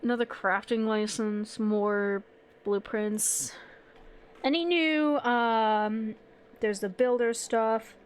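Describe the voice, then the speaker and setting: A woman streaming a video game, chatting casually, reading menu items aloud, getting excited and swearing freely. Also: a little high, takes it slowly, clean tone.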